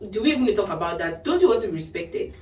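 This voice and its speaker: A woman's voice: medium pitch, sing-song, racing, darkish tone. A woman hosting a podcast, giving earnest advice to parents in a casual chat and laughing often. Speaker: podcast host. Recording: echoey room, mic at a distance.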